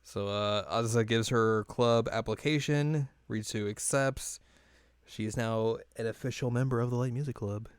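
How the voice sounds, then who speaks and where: Young guy laughing through an anime recap, clean smooth voice, mid pitch. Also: no echo, studio quality. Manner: retells scenes with quick quoted character voices, laughs often. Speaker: co-host recapping an anime episode. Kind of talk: casual chat.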